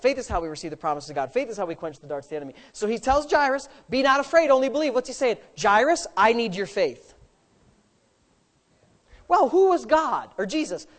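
A woman preaching a sermon, asking rhetorical questions and adding playful asides. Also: high voice.

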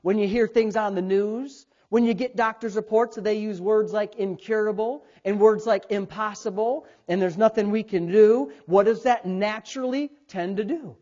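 A man in his thirties preaching a sermon as a pastor, acting out voices and calling on the congregation to answer. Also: high-pitched. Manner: animated preaching, acts out God's voice and calls for responses. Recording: dull lo-fi sound.

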